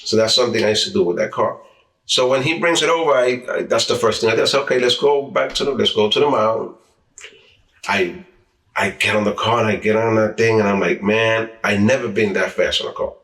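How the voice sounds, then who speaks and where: A man from the New York area telling stories in a relaxed interview, slipping into the voices of the people he quotes and stumbling over his restarts. His voice carries a roomy echo, and the mic sits some distance from him. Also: fairly low pitch, a little fast. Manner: lively storyteller who acts out quoted dialogue with repeated restarts. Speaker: interviewee, former street racer. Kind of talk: casual storytelling interview. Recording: roomy sound, mic set back from speaker.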